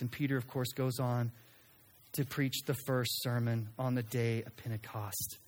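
A man preaching a sermon in an animated way, acting out quoted lines and sometimes restarting his sentences. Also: mid-range voice, normal speed. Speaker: pastor.

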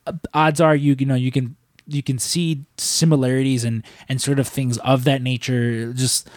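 A young man hosting a podcast, telling stories in a rambling, profane, animated way. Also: medium pitch, moderate pace, no room sound, studio quality. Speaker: podcast host. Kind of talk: casual chat.

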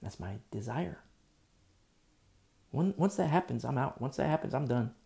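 Gravelly-voiced male pastor preaching. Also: medium pitch, expressive, normal speed. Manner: emphatic preaching, swings between loud bursts and hushed asides; repetitive, with frequent fillers. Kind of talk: sermon.

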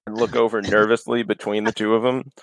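A man's voice: fairly low pitch, flat delivery, brisk, gravelly. A man playing a tabletop game, describing his actions loosely with many fillers. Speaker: player. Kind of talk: casual tabletop game chat.

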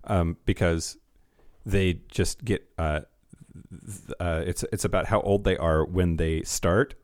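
A man's voice: low-pitched, steady tone, slow pace, no echo, clean studio sound. A man co-hosting a podcast in casual chat, rambling and restarting his sentences, with wry jokes. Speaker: podcast co-host.

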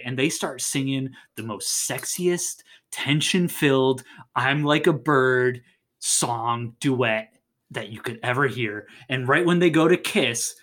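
A storyteller in casual chat, pitching a comic movie script with animated energy and sometimes correcting themselves. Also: slow. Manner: animated, jumps into voices, self-correcting.

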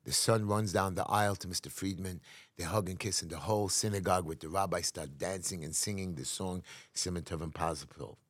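Male New community activist, interview guest; low-pitched, emphatic storyteller, dry recording. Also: fairly quick, fairly bright tone, breathy edge, dry recording. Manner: emphatic, acts out quotes, restarts often.

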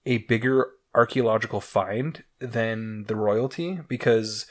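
A man's voice: on the low side, fairly even intonation, measured pace. A young man from Utah co-hosting a casual podcast, joking and crude, often laughing as he talks. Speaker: podcast co-host.

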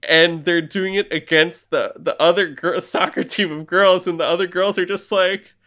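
Excitable guy rambling through a movie recap. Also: high voice, moderate pace. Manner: excitable rambling recap, swears, lots of fillers. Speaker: podcast co-host. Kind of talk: casual podcast chat.

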